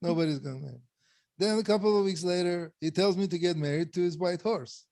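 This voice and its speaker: A man's voice: sits high, fairly quick, a little mellow, no echo. A man telling stories in a casual video-call satsang, often laughing as he talks. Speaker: satsang speaker. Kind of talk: casual storytelling.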